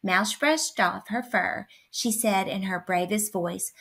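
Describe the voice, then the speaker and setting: A woman hosting a children's story time, reading a picture book aloud. Her narration is clear and expressive, at a medium pitch that sits in the middle for a woman. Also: takes it slowly.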